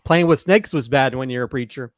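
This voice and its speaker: A man's voice: mid-range voice, a little fast, dry recording, studio quality. A man who is a filmmaker guest on a casual review chat, joking and rambling with restarts.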